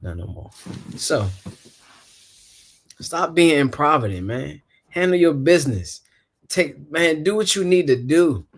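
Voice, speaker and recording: A man's voice: fairly high pitch, expressive, measured pace, pauses often. A man hosting a casual podcast chat, explaining things in a loose, rambling way and laughing often. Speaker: podcast host.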